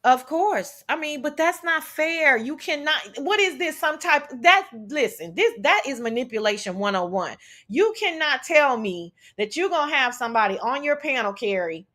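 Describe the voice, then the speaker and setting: A woman gossips in a loose, animated chat, exclaiming and swearing as she goes. Her voice sits a little high and rings bright and forceful. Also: moderate pace. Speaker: co-host.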